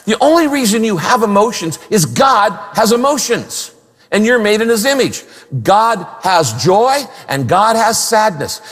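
Man, pastor, emphatic preaching, rhetorical questions, lively, echoing sanctuary. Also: sits high. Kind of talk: sermon.

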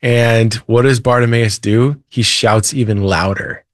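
A man's voice: medium pitch, a little slow, no room sound, studio quality. Earnest male preacher telling a story. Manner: earnest storyteller, animated retelling. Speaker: guest, Christian author and preacher. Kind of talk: earnest faith talk.

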